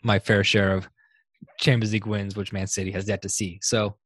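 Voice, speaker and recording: A young man in casual sports banter on a podcast, his voice sitting a bit low. He laughs easily and speeds up into animated bursts when a story excites him. The sound is dry and close to the mic. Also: normal speed, no echo. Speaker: podcast host.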